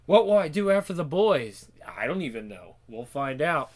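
A man hosting a comic reading show, chatting casually in a relaxed, self-deprecating way. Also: on the high side, moderate pace. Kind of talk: casual chat.

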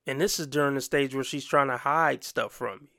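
A man comments on a clip, and his talk is blunt, crude and full of mockery. His voice has a gravelly, fried edge. The sound is dry and close. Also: mid-range voice, steady tone, brisk, a bit bright, no echo. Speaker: commentary host. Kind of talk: reaction commentary.

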